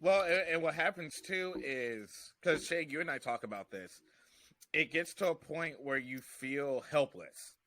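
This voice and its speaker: A man, a comedian, telling stories in animated, rambling casual chat on a podcast. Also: fairly high pitch, measured pace. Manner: animated, rambling storytelling with restarts.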